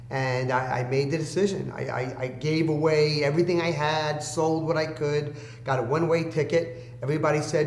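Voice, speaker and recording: A man with a fairly high, rather monotone voice tells a long personal story as a podcast guest, speaking a little fast with few pauses. He acts out the people he quotes in this casual conversational storytelling. The room is echoey with a faint hum.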